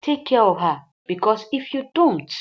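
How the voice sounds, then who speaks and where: A woman's voice: medium pitch, very animated, moderate pace. Woman telling of an earnest loyal man. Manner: earnest, repeating lines for emphasis. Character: devoted younger man advising a rival husband. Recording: slightly dull lo-fi recording.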